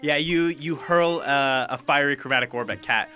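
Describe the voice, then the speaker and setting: A man narrating a tabletop game as game master, halting with many restarts. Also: mid-range voice, sharp tone, faint music behind. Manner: halting, full of fillers and restarts.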